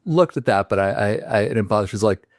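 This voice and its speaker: Deep-voiced male podcast host, dry sound. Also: lively intonation, a little fast, no room sound. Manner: loose, rambling storytelling. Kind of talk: casual interview.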